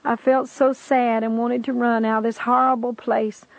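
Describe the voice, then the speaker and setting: A woman's voice: fairly high pitch, flat delivery, moderate pace, vocal fry, dry recording, rough recording. A woman giving an earnest, pleading testimony, telling her story and urging the listener to believe. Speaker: testimony speaker. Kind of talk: preached testimony narration.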